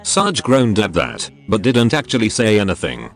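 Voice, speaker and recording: Deep-ish synthetic male narrator, steady story reading. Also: normal speed, vocal fry. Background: faint background music.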